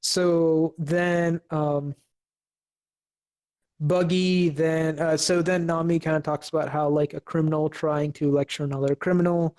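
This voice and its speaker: Flat-voiced young man recapping an episode. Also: on the high side. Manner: halting, many fillers and restarts. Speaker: podcast co-host.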